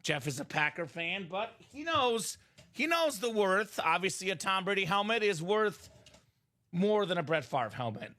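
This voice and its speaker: A young man hosting a live sports card break, hyping items and bantering with viewers in quick sales patter. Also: high-pitched. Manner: energetic, shouts and jokes with viewers.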